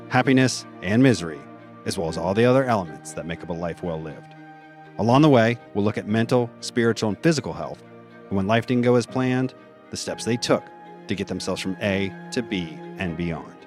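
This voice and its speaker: A man hosting a podcast, reading a measured, formal introduction and then asking interview questions. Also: deep voice. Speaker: podcast host.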